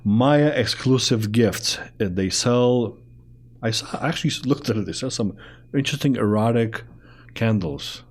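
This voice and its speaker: A man hosting a talk show, speaking English with a foreign accent in a chatty, animated way that jumps between topics. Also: mid-range voice, moderate pace. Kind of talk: casual interview chat.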